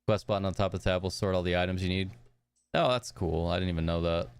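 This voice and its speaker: A man's voice: sits low, steady tone, fast, clear, resonant tone, faint music behind. A young man streaming a game live, chatting upbeat with his viewers and reading the characters' dialogue aloud in his own voice.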